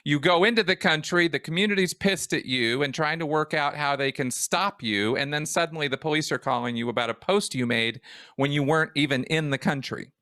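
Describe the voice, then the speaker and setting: A man's voice: on the high side, a little fast, sharp tone, no echo, studio quality. A man hosting an interview podcast, summarizing and clarifying his guest's story with emphasis. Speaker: podcast host.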